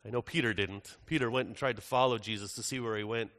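A man playing the apostle John as an older man in a first-person dramatic monologue, earnest, moving between hushed and urgent. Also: medium pitch, fairly even intonation, fast, close to an everyday voice. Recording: echoey hall with long reverb.

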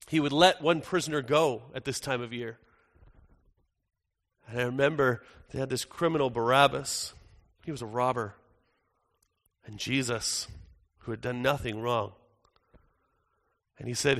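A man playing the apostle John as an older man in a first-person dramatic monologue, earnest, moving between hushed and urgent. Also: mid-range voice, a little slow, long pauses. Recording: echoey hall with long reverb.

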